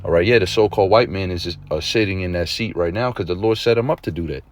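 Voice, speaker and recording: A man teaching an informal religious lesson in a conversational preaching manner, often checking in with his listeners and growing excited at points. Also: deep voice, fast talker. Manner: grows excited and emphatic at points.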